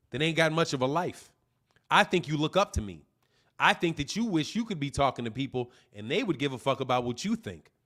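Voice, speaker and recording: A man with a high voice rants on a live stream, swearing freely and mocking a viewer. He taunts and laughs between jabs, like a boxing channel host going off on a heckler. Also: fairly bright tone.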